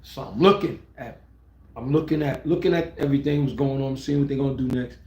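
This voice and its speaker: A middle-aged man live-streaming a casual story, rambling and excitable, often restarting his words and swearing freely. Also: mid-range voice, a little fast. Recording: roomy echo.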